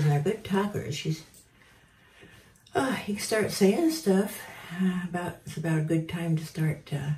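A woman's voice: low-pitched, dark tone. A woman bird breeder giving a casual handling demonstration, cooing baby talk to a tame parrot, often near a whisper. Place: aviary indoors. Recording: roomy, from a distance.

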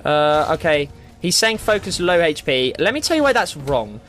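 A man's voice: fairly high pitch, normal speed, soft background music. A young man giving live gameplay commentary, ranting and swearing as he plays. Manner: ranting, swears a lot, excitable. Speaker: gamer.

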